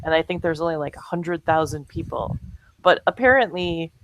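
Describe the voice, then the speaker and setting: A woman's voice: deep voice, animated, normal speed, a little hiss or hum, low-quality recording. A woman co-hosting a comedic chat show, laughing often as she talks. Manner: giggly, laughs often while talking. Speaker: co-host.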